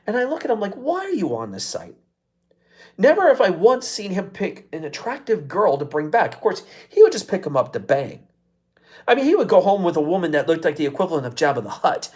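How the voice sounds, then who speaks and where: A man hosting a live show talks in a casual, profane rant. His pitch swings widely as he gets worked up, with an exasperated, incredulous edge. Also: very animated, quick pace, darkish tone. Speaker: show host.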